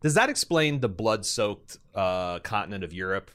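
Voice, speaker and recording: A man's voice: lowish voice, big pitch swings, normal speed, fairly bright tone. A man co-hosting a podcast in casual chat, rambling and joking with some swearing. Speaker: podcast co-host.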